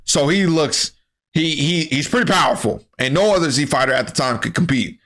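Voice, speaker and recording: A man giving a comedic, profane anime recap, animated and full of slang. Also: fairly high pitch, brisk. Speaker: anime commentary creator.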